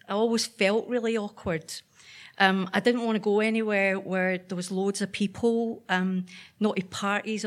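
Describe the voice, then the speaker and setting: A medium-pitched Northern Irish woman recounts a true personal story to a live audience from the stage. Her telling is chatty, full of ums, and self-deprecating.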